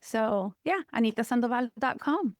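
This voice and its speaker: A woman counselor talks as a podcast guest, emphatic and expressive as she tells personal stories. Her voice sits somewhat high, and the sound is dry and close with no room echo. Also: moderate pace. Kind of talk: personal conversational interview talk.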